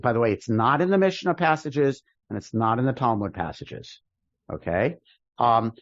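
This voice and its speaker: A man's voice: mid-range voice, no echo, muffled recording. A man, a rabbi, teaching a class in a casual lecture style, thinking aloud with restarts and rhetorical questions. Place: synagogue classroom with video call.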